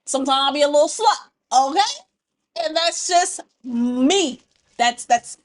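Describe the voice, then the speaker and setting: Animated high-voiced woman vlogger. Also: slow pace, pauses often. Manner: animated, talks straight to the audience. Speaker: story-time reaction vlogger. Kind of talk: casual chat to viewers.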